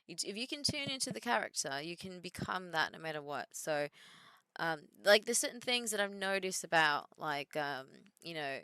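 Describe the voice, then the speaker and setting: Chatty woman streamer, bright clear voice. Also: on the low side, lively intonation, normal speed, dry recording, studio quality. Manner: chatty, reads viewer comments aloud and answers them. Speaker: streamer and wrestler. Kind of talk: casual live-stream chat.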